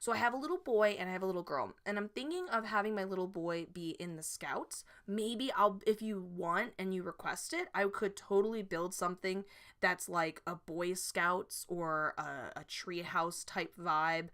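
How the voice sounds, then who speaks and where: A woman's voice: fairly low pitch, normal speed, a bit bright. A woman vlogger chatting casually about her game build, rambling and giggly with frequent restarts. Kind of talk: casual chat.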